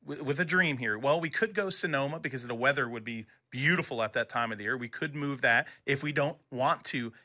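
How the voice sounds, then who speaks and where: An enthusiastic middle-aged man chats as a podcast co-host, his voice very bright and forward. He tells stories with eager energy. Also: medium pitch, a little fast, few pauses. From Northeastern US. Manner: enthusiastic, storytelling. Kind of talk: casual chat.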